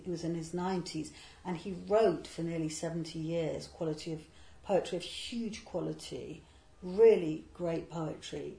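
A woman, a literary translator, explaining a poet's life in a digressive way and reading verse slowly and deliberately. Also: lowish voice, creaky, mellow, roomy sound, rough recording. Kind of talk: talk on poetry with a verse reading.

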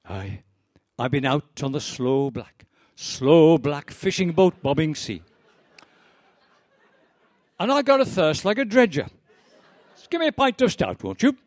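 A man's voice: on the high side, very animated, unhurried, long pauses, no room sound, studio quality, pitched above the performer's own voice. A man voicing a chatty fisherman at a pub bar, speaking in a lilting, lyrical way. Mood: jolly, thirsty.

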